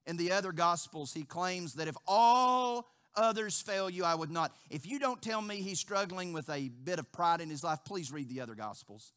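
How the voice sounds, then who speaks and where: High, bright-voiced pastor preaching dramatically. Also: male voice, normal speed, few pauses, smooth. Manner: dramatic, repeats phrases, acts out quotes with swings in loudness. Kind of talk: sermon. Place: church sanctuary.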